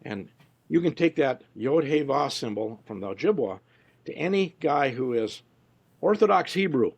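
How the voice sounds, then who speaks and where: This interviewee is a researcher whose mid-range voice is gravelly, husky, and darkish, expressive and at a moderate pace, with the highs cut off in the audio. He speaks casually, spinning stories and imitating the voices of people he encountered.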